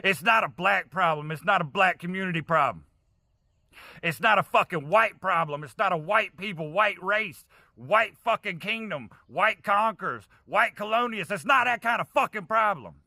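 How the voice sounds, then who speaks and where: An angry man on a profane, preachy vlog rant. His voice sits high and is very bright and cutting. The sound is dry and close. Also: animated, normal speed, no echo.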